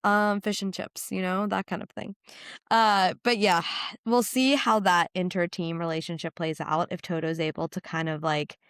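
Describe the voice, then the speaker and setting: A woman's voice: on the low side, fairly even intonation, moderate pace, a bit bright, clear, resonant tone, dry recording, studio quality. A woman from the United States co-hosting a motorsport podcast, chatting casually and frankly with frequent laughs. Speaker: podcast co-host. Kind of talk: casual chat.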